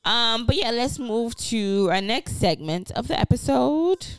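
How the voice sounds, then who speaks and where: A young adult woman co-hosting a casual pop-culture podcast, blunt and animated in her talk. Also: a little high, unhurried, clear, resonant tone, dry recording. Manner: blunt, animated, laughs along. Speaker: podcast co-host.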